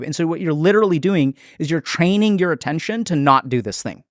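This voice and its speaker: A man explaining in a podcast interview, fairly high voice, dry close sound. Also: fairly bright tone, dry recording. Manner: explanatory, thoughtful, quick restarts. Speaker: psychiatrist.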